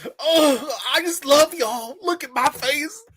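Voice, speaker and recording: A man putting on a high, loud voice to play a boastful young male hustler working as a tour guide, shouting slang. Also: slow, crowd noise. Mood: whiny mocking. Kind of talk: mocking impression in commentary.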